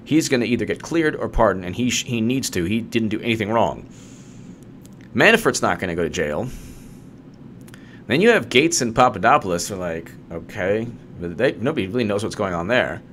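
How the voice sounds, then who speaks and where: A man's voice: lowish voice, sing-song, brisk, fairly bright tone, slight background noise. A man giving an unscripted, sarcastic political rant, repeating points and mocking his opponents. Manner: ranting, sarcastic, mocks opponents in put-on voices. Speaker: political commentator.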